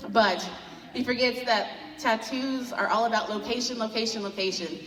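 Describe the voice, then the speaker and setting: Woman stand-up comic, animated storyteller doing family voices, recorded from across a reverberant event hall. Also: a little high, normal speed, slight background noise. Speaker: stand-up comedian. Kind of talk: stand-up comedy set. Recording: roomy hall, voice from far off.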